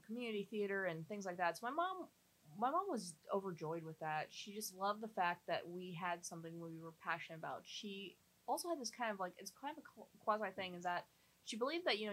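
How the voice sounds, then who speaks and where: A woman with a somewhat low speaking voice, talking loosely and at length as an actress in an interview. She rambles, circles back on her sentences and leans on fillers as she goes. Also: a bit bright, rough recording. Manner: rambling, chatty, frequent fillers and restarts. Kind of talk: casual interview chat.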